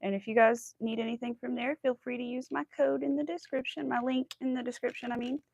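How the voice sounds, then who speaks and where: A woman's voice: fairly high pitch, steady tone, a little fast, vocal fry, a little mellow, no echo, rough recording. A woman hosting a crochet livestream, chatting casually and rambling while she works. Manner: chatty, bubbly, rambling with many likes and ums.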